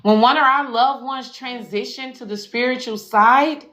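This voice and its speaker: Speaking at normal speed in a fairly high, slightly bright voice, a woman offers a casual, profane, affectionate spiritual reading, addressing viewers as y'all and baby. She's a spiritual life coach and intuitive reader on a tarot livestream, in an echoey room with faint music.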